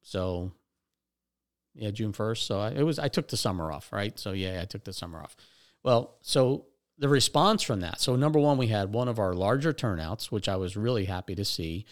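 A man's voice: on the low side, animated, moderate pace. A man hosting a casual money podcast, talking straight to his listeners and often restarting his sentences. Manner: conversational, repeats words and restarts, addresses listeners as guys. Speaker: podcast host. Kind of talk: casual financial podcast talk.

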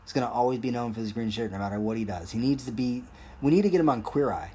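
A man's voice: mid-range voice, fast talker, mellow, slight background noise. A young man hosting a solo podcast, rambling and joking in a crude, casual way. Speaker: podcast host.

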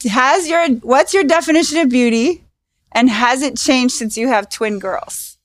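A woman hosting a podcast, playful and quick to laugh as she talks. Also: high voice, dry recording. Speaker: podcast host, dermatologist. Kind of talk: casual podcast chat.

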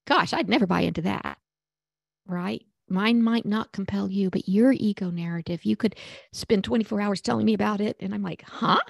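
Slow, gravelly, half-whispering woman preacher. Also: mid-range voice, no echo, studio quality. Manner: soft, often half-whispered, meditative; conversational with fillers, storytelling. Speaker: prayer podcast host. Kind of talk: spiritual teaching and guided prayer.

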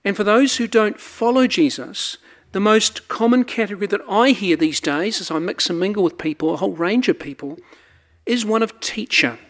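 A man preaching a sermon, emphatic and animated, asking his listeners rhetorical questions. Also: high voice, normal speed.

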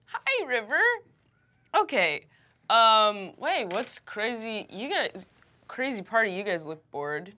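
A woman playing a tabletop game in character, halting and fumbling. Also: a little high, sing-song, bright, forceful tone. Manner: halting, fumbling, full of fillers. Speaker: player.

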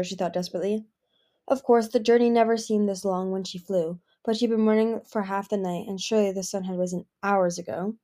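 A woman reading a fantasy novel aloud in an expressive storytelling manner. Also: medium pitch, brisk. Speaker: fan audiobook reader.

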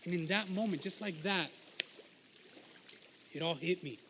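A man playing the disciple Peter, an impulsive fisherman who talks loudly and emotionally. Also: sits high, a little slow, noisy background. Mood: storytelling. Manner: excitable, loud, emotional storyteller. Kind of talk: Christian skit acting.

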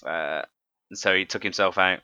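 A very low-voiced man with a sharp, forceful tone, chatting on a podcast in a rambling way and laughing often. The sound is close and dry. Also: normal speed, clean tone, no echo. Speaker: podcast co-host. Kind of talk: casual chat.

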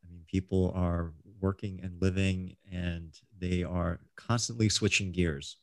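A man's voice: deep voice, fairly even intonation, unhurried, no room sound, clean studio sound. A middle-aged man hosting a casual interview, rambling with many ums and restarts. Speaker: host.

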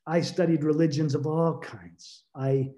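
A man's voice: on the high side, steady tone, dark tone. A man, a guest author, telling a personal story in an interview, earnest and reflective, often repeating words as he searches for them. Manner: halting, repeats words when emotional.

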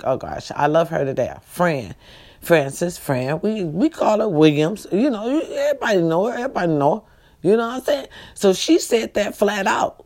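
A woman's voice: lowish voice, a little mellow. A middle-aged woman, talking to her viewers in a casual, heartfelt monologue, preachy and repetitive, often asking them directly if they understand. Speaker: vlogger.

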